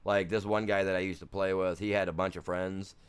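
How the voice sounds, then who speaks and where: A man's voice: low voice, little pitch movement, a little fast, clean tone. A man from the United States chatting casually on a game live stream, rambling through stories in a self-deprecating way.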